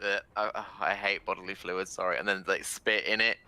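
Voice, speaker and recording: A man's voice: low-pitched, steady tone, a little fast, sharp tone, smooth. A man playing a tabletop game, talking in a rambling, hesitant way and laughing often. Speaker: player. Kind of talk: casual tabletop game chat.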